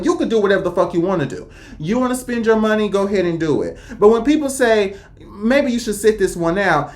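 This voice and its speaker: An American woman hosts a reaction video and speaks her mind bluntly. Her delivery is emphatic, and her voice swings between low asides and sudden high peaks, all in a mid-range pitch. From United States. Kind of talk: opinionated reaction commentary.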